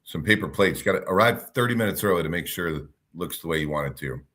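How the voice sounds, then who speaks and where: A man's voice: low-pitched, animated, quick pace, a bit bright. A man co-hosting a casual chat show, upbeat and rambling. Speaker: co-host.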